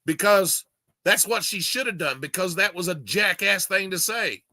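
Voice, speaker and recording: Male video host, casual heated commentary, bright tone, dry close mic. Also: sits high, expressive, normal speed, dry recording. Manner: emphatic, indignant, doting with his dog.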